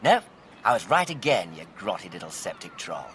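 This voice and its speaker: Brief: a sneering toff villain for radio comedy, upper-class English, very lively delivery. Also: male voice, low-pitched, fairly quick, slight background noise. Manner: pompous, sneering, theatrical. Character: posh, scheming male villain spy, insulting and smug. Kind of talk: comic radio drama acting.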